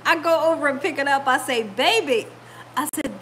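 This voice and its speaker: A woman hosts a home cooking video in her kitchen, chatting casually to viewers like a storyteller. Her voice sits high and is fairly bright at a moderate pace, and the rough recording has slight background noise.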